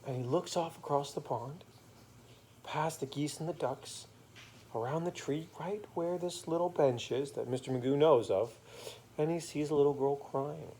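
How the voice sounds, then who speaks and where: Mellow man improvising a playful bedtime story. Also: fairly high pitch, slight background noise. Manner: playful, rhyming, pausing to make things up.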